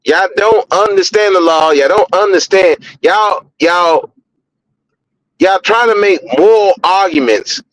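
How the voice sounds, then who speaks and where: Blunt high-voiced man ranting on a podcast. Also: a little slow, dry recording, low-quality recording. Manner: blunt, profane, repeats words when heated. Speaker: podcast host. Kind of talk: opinionated podcast commentary.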